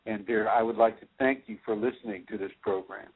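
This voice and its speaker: A man hosting a radio call-in show, giving spiritual advice in a slow, reassuring way with many repeated words and restarts. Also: fairly low pitch, fairly even intonation, breathy edge. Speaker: spiritual teacher, radio host. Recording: tinny phone line.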